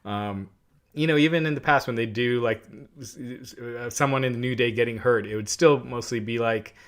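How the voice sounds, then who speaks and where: A man's voice: mid-range voice, moderate pace. A man co-hosting a wrestling podcast in casual chat, reading out viewer questions between opinions. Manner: reads viewer questions aloud. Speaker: podcast co-host.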